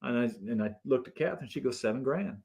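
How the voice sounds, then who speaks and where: A man, a guest on a talk show, telling a story in a relaxed, animated way and acting out the people in it. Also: medium pitch, rapid-fire, creaky. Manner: animated storyteller who acts out the people in his stories. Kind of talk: casual anecdote telling.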